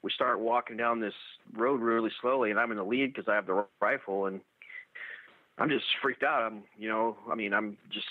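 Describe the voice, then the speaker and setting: A man telling his own encounter story in a halting way, full of restarts and fillers. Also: lowish voice, fairly even intonation, no room sound. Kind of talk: first-person storytelling. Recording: tinny dry phone-like radio audio.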